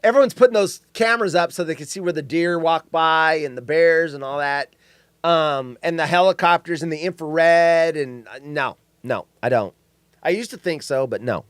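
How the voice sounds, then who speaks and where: A man co-hosts a casual podcast and tells his stories with lively energy, reading viewer comments aloud as he goes. His voice sits high for a man. The sound is dry and close to the microphone. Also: normal speed, clean tone, dry recording. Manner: animated storyteller, reads chat aloud. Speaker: podcast co-host. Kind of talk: casual live-stream chat.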